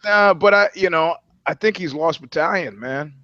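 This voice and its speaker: A man's voice: a little high, moderate pace, sharp tone, no room sound, muffled recording. Rambling, profane man riffing. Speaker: podcast co-host. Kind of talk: casual comedic chat.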